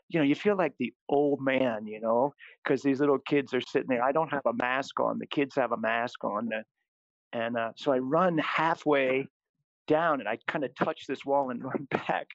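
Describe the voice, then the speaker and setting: Animated priest telling funny stories. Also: male voice, medium pitch, no echo. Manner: animated, laughing at his own stories. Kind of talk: casual storytelling. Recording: slightly dull, dry audio.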